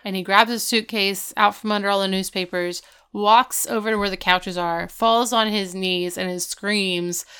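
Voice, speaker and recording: Woman podcaster, smooth clear voice, animated storytelling recap. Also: medium pitch, unhurried, few pauses. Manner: animated storytelling, acting out quoted characters. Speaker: podcast co-host. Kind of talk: casual chat recapping a TV episode.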